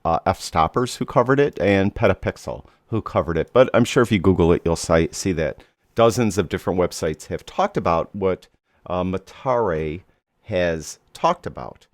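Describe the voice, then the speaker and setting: A man hosting his own podcast, talking in a relaxed, conversational way with fillers and self-corrections. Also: deep voice, normal speed, dry recording, clean studio sound. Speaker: podcast host. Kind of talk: casual solo podcast talk.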